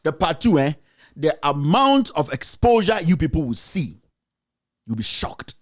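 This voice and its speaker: A man's voice: a little high, very animated, unhurried. A Ghanaian man, a journalist and show host, giving heated political commentary, firing off accusing rhetorical questions.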